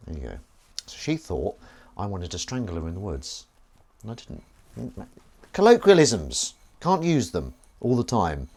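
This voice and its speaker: Male streamer host, low-ish voice, bouncy delivery, rambling and silly. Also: very animated, moderate pace, darkish tone. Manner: chatty, playful, rambling with silly asides. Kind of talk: live-stream chat while washing up.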